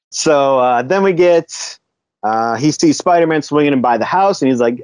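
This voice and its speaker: A man's voice: a little high, animated, a little slow, pauses often, darkish tone, smooth, no room sound. Laid-back man chatting with a dry sound. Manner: laid-back, chuckles often, swears casually. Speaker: podcast co-host. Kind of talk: casual comic book review chat.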